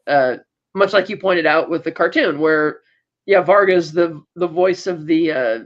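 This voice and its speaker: Low-pitched and unhurried, a woman co-hosting a podcast loosely recaps TV episodes, piling on fillers and quoting bits along the way. The recording's highs are cut off.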